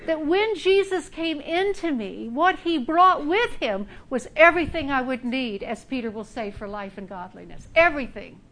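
Middle aged woman preaching, high voice, emphatic, tells her own stories. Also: lively intonation, normal speed, few pauses, a bit bright. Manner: emphatic, personal storytelling. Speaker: speaker. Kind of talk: sermon.

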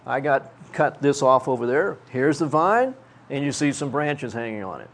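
An older pastor from Texas, preaching a sermon in a folksy, self-mocking way. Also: male voice, medium pitch, expressive, moderate pace.

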